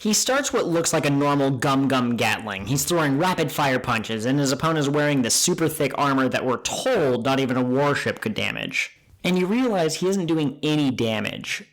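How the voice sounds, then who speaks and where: A man co-hosting a podcast, retelling scenes with excited, animated energy in casual chat. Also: medium pitch. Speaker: podcast co-host.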